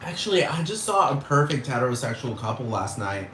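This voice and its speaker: A man's voice: mid-range voice, very animated, fairly quick, fairly bright tone, echoey room, a little hiss or hum. A man ranting casually to camera in a vlog, swearing and emphatic, full of slang. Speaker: vlogger.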